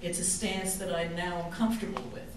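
An older woman from New York City talks in a measured, reflective way on a panel. Her voice sits a little low. She is far from the mic in a big echoing hall. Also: steady tone, noisy background. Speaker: panelist, historian. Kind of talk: casual panel talk. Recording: echoey hall, distant mic.

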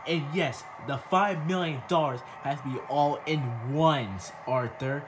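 A man's voice: on the high side, unhurried, noisy background, natural voice. A man voicing a smug, spoiled rich man who talks down to everyone with a bossy drawl. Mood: bored.

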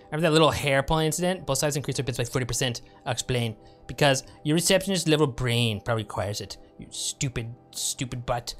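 A man's voice: medium pitch, quick pace, few pauses, lightly acted. Give me a man voicing a snide, condescending sales executive, sneering, with faint music behind. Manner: reading a letter aloud in character, sneering.

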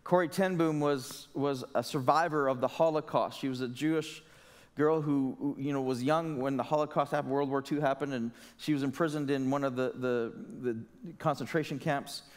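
A man's voice: mid-range voice, steady tone, moderate pace. Earnest male pastor preaching in an echoing church. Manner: earnest, conversational preaching with emphatic rhetorical questions. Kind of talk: sermon. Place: church sanctuary.

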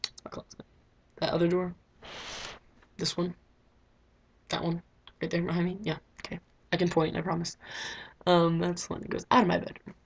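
A woman's voice: on the low side, completely flat delivery, normal speed, gravelly, long pauses, slightly rough. A teenage girl vlogging from her bedroom, rambling casually with lots of fillers. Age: teens. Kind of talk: casual diary vlog.

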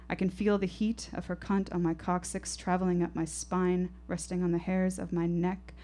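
Woman storyteller, lowish voice, intense and rhythmic, live stage telling. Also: dark tone. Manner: intense, poetic, rhythmic delivery. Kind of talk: live first-person storytelling performance.

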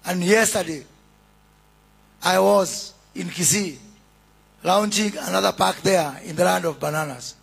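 A man with a Kenyan accent giving a deliberate, oratorical public speech as a government minister at a launch event, calling out greetings to the crowd. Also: high voice, creaky, husky.

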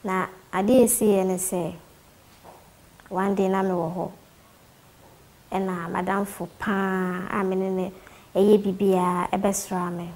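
A woman with a Ghanaian accent slowly telling a personal story in Twi. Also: mid-range voice, little pitch movement, a little mellow, rough recording. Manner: slow, deliberate storytelling in Twi. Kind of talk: personal testimony.

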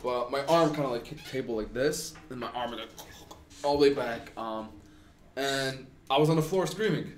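A man's voice: medium pitch, normal speed, slight background noise. A man co-hosting a podcast, telling a story casually, full of "like" and "um". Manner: rambling, heavy on "like" and "um". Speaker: podcast co-host. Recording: roomy, distant mic.

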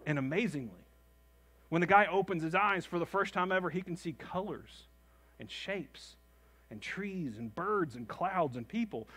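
A pastor preaching with a high, bright voice. He is animated and drives his points home by repeating short phrases. He also acts out the people in his stories. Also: moderate pace, slightly rough. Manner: calls the congregation "gang". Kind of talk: sermon.

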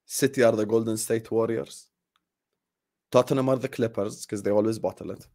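A man's voice: on the low side, steady tone, normal speed, mellow. A young man venting casually to his viewers in a sarcastic, frustrated way, laughing at times and trailing off into sighs. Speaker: football fan vlogger. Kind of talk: casual ranting chat to viewers.

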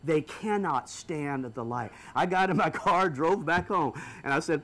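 A man preaching a fiery sermon, dropping to low murmurs and then rising to shouts. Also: unhurried, few pauses. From United States.

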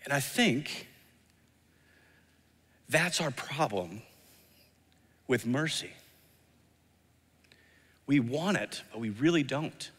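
Earnest pastor preaching in a reverberant hall. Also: male voice, medium pitch, animated, very slow, pauses often, a bit bright, slightly rough. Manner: earnest, acts out quoted voices, emphatic repetition. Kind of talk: sermon. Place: church sanctuary.

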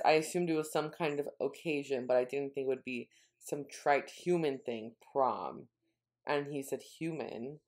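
Low-voiced woman recapping a book. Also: darkish tone. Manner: retells scenes, quoting dialogue in a low murmur. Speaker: podcast co-host. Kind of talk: casual book-recap chat.

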